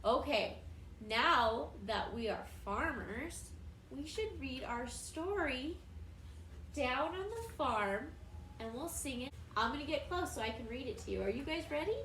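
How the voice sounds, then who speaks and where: A woman teaching preschoolers in a high, bright voice, taking her time over every phrase. She keeps it sing-song and encouraging, like she is speaking to a room of three-year-olds. A faint hiss sits under her voice. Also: animated, measured pace, roomy sound. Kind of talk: recorded lesson for young children.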